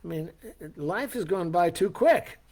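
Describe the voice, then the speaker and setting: An older man with a slightly high voice shares a personal story in a motivational talk. He speaks earnestly and reflectively, and he poses rhetorical questions to his listeners. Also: lively intonation, unhurried, a little mellow.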